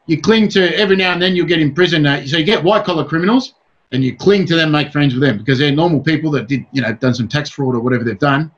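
A man's voice: a little high, noisy background. Blunt Australian man, rambling and swearing. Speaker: guest comedian. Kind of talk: casual interview chat. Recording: dull lo-fi sound.

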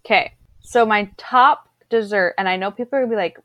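A woman's voice: mid-range voice, fairly quick, pushed and bright, no room sound. A woman co-hosting a casual chat, bubbly and chatty, laughing often. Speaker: podcast co-host.

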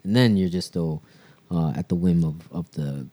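A man's voice: low voice, normal speed, dark tone. A man co-hosting a casual podcast, rambling and hesitant as he talks. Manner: rambling, hesitant, lots of fillers. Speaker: podcast co-host. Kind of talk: casual chat.

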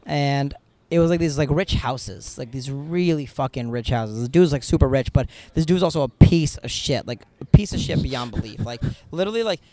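A man, a comedian appearing as a podcast guest, telling profane, animated stories in casual chat. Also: medium pitch, normal speed, no echo. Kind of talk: casual storytelling.

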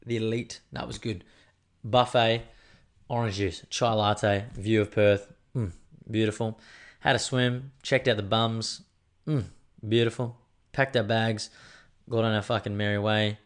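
A man's voice: lowish voice, flat delivery, a little slow, long pauses, clean tone. Rambling man hosting a podcast. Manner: rambling, chatty, swears freely. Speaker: podcast host. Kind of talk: casual chat.

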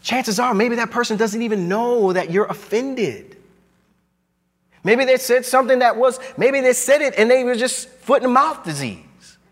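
A man preaching a sermon as pastor, emphatic and driving, his voice swinging high and low. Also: unhurried, big-room sound. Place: church sanctuary.

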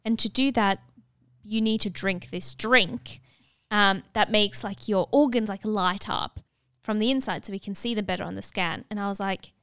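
A woman's voice: medium pitch, moderate pace, clean tone, no room sound, studio quality. Chatty young woman telling a story. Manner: animated, many filler "like"s, acts out dialogue. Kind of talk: casual storytelling chat.

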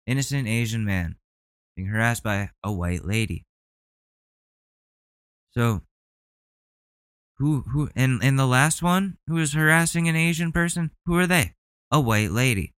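A man's voice: mid-range voice, animated, a little slow, long pauses, fairly bright tone, smooth, dry recording. A man hosting a casual reaction commentary, talking in an indignant, profane, rambling way. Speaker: commentary host.

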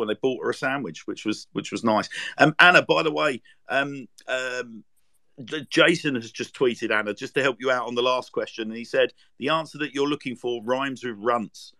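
A man's voice: medium pitch, moderate pace, pushed and bright, no echo. A man hosting a casual podcast chat, jokey and teasing, with lots of fillers. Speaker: podcast host.

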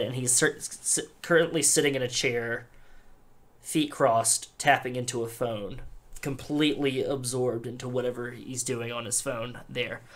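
A man's voice: medium pitch, fairly bright tone. A man narrating as game master in a tabletop game, loose and full of fillers.

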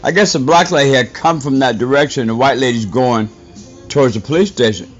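A man with a mid-range voice rants a little fast as a podcast host, indignant and profane as he scolds his listeners in a monologue. The audio is dull and lo-fi, with faint music behind him.

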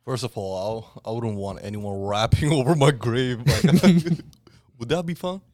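A man chatting on a podcast as a guest, who laughs often and lets his sentences trail off softly. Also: medium pitch, measured pace, no echo, studio quality. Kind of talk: casual podcast chat.

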